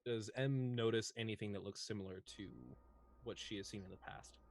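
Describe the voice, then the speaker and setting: A man playing a tabletop game, talking casually and quickly about his character. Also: lowish voice, fairly even intonation, a little mellow, a little hiss or hum. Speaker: player.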